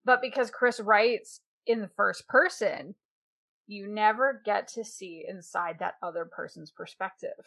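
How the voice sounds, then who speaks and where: A woman hosting a podcast, chatting casually with lively enthusiasm and the odd swear. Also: mid-range voice, a little slow, vocal fry. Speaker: podcast host.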